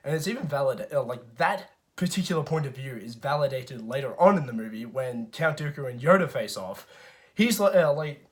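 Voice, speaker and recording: A man's voice: mid-range voice, animated, moderate pace. A man giving a casual movie review rant, swearing often and restarting his sentences with lots of fillers. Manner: profane, frequent stammered restarts and fillers. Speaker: film reviewer.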